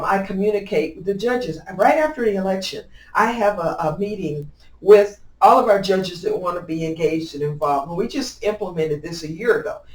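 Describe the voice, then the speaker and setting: Middle-aged woman, emphatic interview guest, mid-pitched voice, roomy distant sound. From Illinois. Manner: emphatic and upbeat, with lively swings in pitch and loudness and frequent restarts. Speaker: county clerk, interview guest. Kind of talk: conversational interview answers. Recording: echoey room, mic at a distance.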